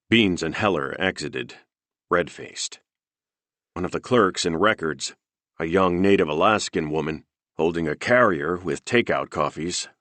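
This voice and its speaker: A man narrating a thriller audiobook in a steady, measured reading. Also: deep voice, no echo.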